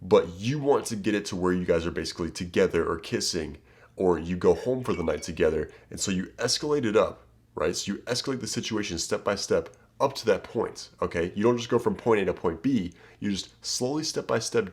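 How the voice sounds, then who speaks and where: A man's voice: deep voice, brisk. A man coaching viewers on dating in a casual, emphatic way, often checking in with "okay?" and "right?". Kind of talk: direct-to-camera advice talk.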